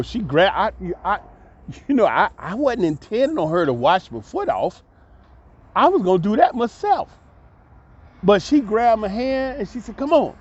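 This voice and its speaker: A man telling a long personal story as a vlogger, animated and acting out the voices of the people in it. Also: high voice. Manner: animated, acts out voices, laughs mid-story. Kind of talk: storytelling monologue. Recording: dull lo-fi recording.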